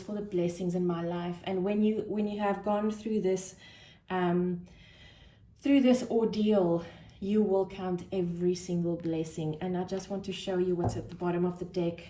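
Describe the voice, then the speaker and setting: A woman giving a spiritual tarot card reading, soft-spoken and thinking aloud with gentle pauses. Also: fairly low pitch. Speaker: tarot reader. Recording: roomy echo with faint noise.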